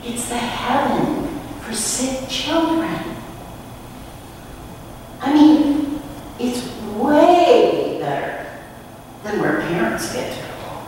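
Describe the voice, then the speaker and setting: A cheerful, pretty lady clown coaxes with a chirpy, sing-song lilt, as a woman puts her on in a spoken story. The voice sits high and swoops up and down. It carries from a distance through a long, echoey hall with faint hiss. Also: big pitch swings, drawn-out words, pauses often, darkish tone, exaggerated voice. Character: very happy pretty woman clown, bubbly and upbeat.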